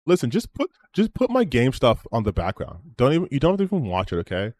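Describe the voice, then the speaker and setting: Closing out his stream, a man chats in a rambling, self-promoting way and swears freely. His medium-pitched voice swoops wildly, a little mellow, and he talks fast with no echo.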